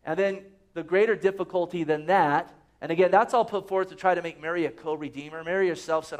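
Male pastor, easygoing joking sermon delivery, reads verses aloud, voice pitched a bit high. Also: steady tone, fairly quick, few pauses. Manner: conversational and joking, quotes scripture often.

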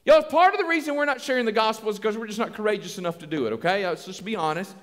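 Male pastor, high-pitched, folksy and lively, reverb of a large church hall. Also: racing. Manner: folksy, animated, acts out little dialogues. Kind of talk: sermon.

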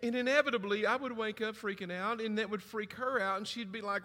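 A middle-aged man preaching a sermon, telling stories and acting out family voices with big swings in pitch. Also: fairly even intonation, fast, few pauses, pushed and bright. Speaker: pastor. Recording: long hall reverb.

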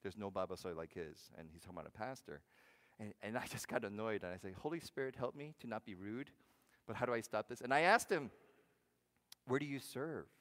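A man's voice: medium pitch, expressive, a little fast. Man preaching in a reverberant hall. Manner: conversational preaching, asks the congregation questions, swings from loud to hushed. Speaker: pastor. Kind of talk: sermon.

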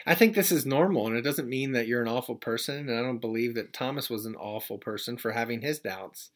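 A man in his thirties delivers a sermon from the pulpit, pitched at an ordinary middle register. He preaches gently and conversationally, slipping in folksy asides and homely comparisons. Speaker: pastor.

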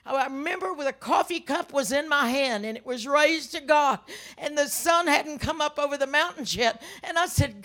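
Delivering a sermon at a normal pace, this older woman minister speaks in a high pitch. She weaves in her own testimony, dramatizes her stories, and erupts now and then into loud outbursts.

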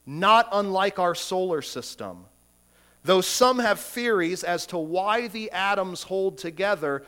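A male pastor delivers a sermon in a fairly high voice, taking his time over each phrase. He preaches emphatically, asking rhetorical questions and stumbling over repeated words as he builds his point. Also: slow pace, fairly bright tone, clean tone.

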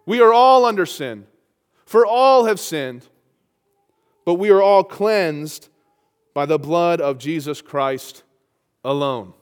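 High-voiced preacher in a reverberant hall. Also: male voice, animated, takes it slowly, long pauses, clear, resonant tone. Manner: reads scripture aloud, rising to emphatic peaks. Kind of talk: sermon.

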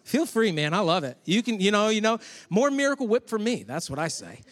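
High-voiced pastor preaching in a reverberant hall. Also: male voice, a little fast. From Western New York. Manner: animated, chatty asides to the congregation. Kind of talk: conversational sermon teaching.

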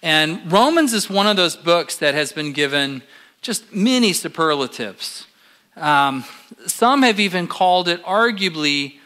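Bright-voiced man preaching conversationally. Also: a little high. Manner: conversational, quizzes the congregation; relaxed with frequent fillers. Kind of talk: sermon.

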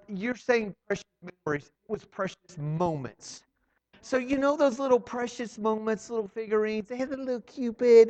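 High-voiced preacher in a reverberant church. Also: male voice, lo-fi sound. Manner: swings from hushed to shouted, dramatic emphasis. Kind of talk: sermon. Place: church hall. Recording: long hall reverb.

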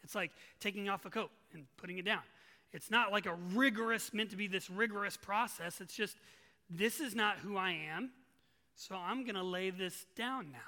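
A man's voice: high voice, normal speed, sharp tone, in a large hall. A male pastor preaching a sermon in a church, earnest and emphatic, repeating his key phrases.

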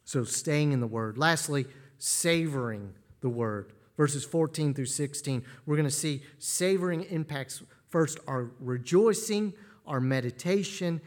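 A man preaching a sermon as pastor, earnest and given to repeating words as he starts a phrase. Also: a little high.

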